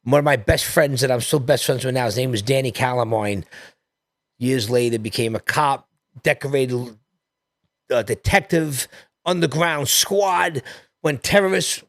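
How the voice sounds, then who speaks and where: A man in his fifties with a New York accent, a podcast guest telling rambling, animated stories from his childhood in a casual chat. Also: mid-range voice, a little slow, no echo, studio quality. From New York City. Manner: animated, rambling anecdotes with restarts.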